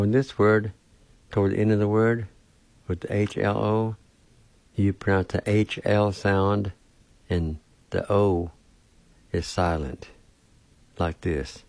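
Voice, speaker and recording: A man leads a language lesson on the radio, reading out spellings and pronunciations one careful step at a time. His voice is deep and warm, and he sets an unhurried pace. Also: no echo. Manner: slow, careful spelling and pronouncing of words. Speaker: language teacher and radio host.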